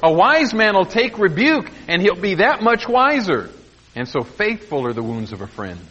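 A middle-aged man preaching a sermon in a folksy, earnest way, laughing softly at his own asides. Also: sits high, big pitch swings, moderate pace. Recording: muffled echoey church recording.

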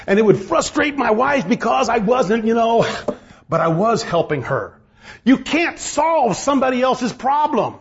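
This preacher's high-pitched, slightly rough voice swings widely in pitch at a normal speed. He reads from the King James Bible in a marriage sermon, driving his points home with mounting emphasis, captured with dull, lo-fi sound.

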